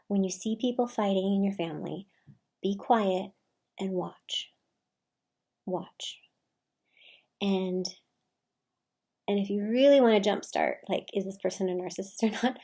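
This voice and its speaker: A woman giving casual advice in a soft, often half-whispered delivery. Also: mid-range voice, unhurried, gravelly, long pauses. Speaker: advice vlogger.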